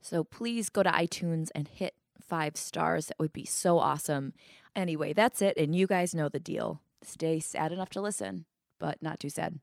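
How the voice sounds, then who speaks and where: A woman hosting a solo podcast, talking in a chatty, self-deprecating way with a sick, hoarse voice. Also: deep voice, normal speed. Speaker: podcast host.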